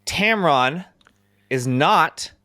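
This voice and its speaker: A man hosts a casual podcast chat with a bright, forceful voice. His sound is close and dry, with no room around it. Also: a little high, lively intonation, drawn-out words, no room sound. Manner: steers the talk, reads quotes aloud. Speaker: podcast host.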